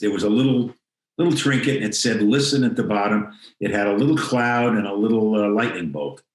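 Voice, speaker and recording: Older male guest, lowish voice, reflective storyteller who voices the people he quotes; roomy video call sound. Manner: reflective, acts out quoted dialogue. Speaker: interview guest. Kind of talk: storytelling in a remote interview.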